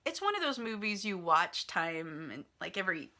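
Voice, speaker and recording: A woman's voice: mid-range voice, big pitch swings, normal speed, pushed and bright. A woman casually retelling a movie's plot in a chatty, filler-heavy way, like talking to friends. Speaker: vlogger reviewing a movie.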